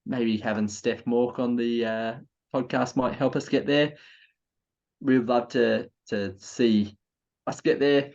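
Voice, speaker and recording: A man's voice: mid-range voice, steady tone, slow pace, vocal fry, darkish tone. Tipsy Australian man co-hosting a footy podcast, gushing and giggly, slightly muffled lo-fi recording. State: tipsy from beer. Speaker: podcast co-host. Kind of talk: casual football podcast chat.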